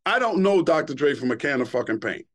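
A middle-aged man from Queens spins a long, profane tale in casual podcast talk. His voice sits a little high for a man, and he tells it with lively energy. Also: quick pace, breathy edge. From Queens, New York. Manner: profane, animated storyteller. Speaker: guest, radio DJ.

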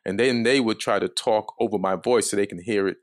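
Telling a story casually and a little fast, a comedian guest speaks in a low voice. He sounds calm and mostly monotone, and the recording is dry and close.

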